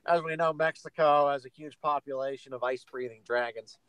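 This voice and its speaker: A man's voice: mid-range voice, fairly even intonation, a little fast, fairly bright tone, smooth, no room sound, low-quality recording. A man joining a casual podcast as a guest, making dry sarcastic jokes. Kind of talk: casual chat.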